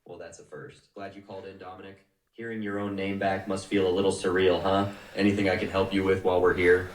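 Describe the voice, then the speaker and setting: An upbeat AI phone agent cloned from a man's voice talks in a deep, even tone that barely rises or falls. It sounds smooth and agreeable, a little salesy. The sound is roomy and comes from a distance, as if a speaker is playing it across the room. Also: fairly quick, close to an everyday voice. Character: cloned AI voice bot of a young man, upbeat. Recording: faint, roomy playback from a distance.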